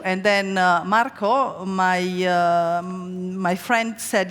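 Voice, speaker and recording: During a live cooking demonstration on stage in a big hall, a woman chef whose native language is Slovene talks slowly in a slightly bright, mid-range voice. Her storytelling is chatty, with frequent fillers and restarts, all carried by long hall reverb.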